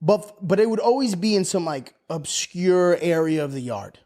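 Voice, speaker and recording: A man's voice: high-pitched, animated, moderate pace, a little mellow. A man, co-hosting a podcast, telling a story in a casual way and acting out the voices of the people in it, with a lot of swearing. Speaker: podcast co-host.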